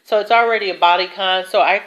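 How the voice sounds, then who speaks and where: A woman's voice: mid-range voice, steady tone, quick pace, a bit bright, highs cut off. A woman chatting casually about her thrift store finds in a vlog, with fillers and self-corrections. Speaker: thrift haul vlogger. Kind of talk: casual show-and-tell vlog.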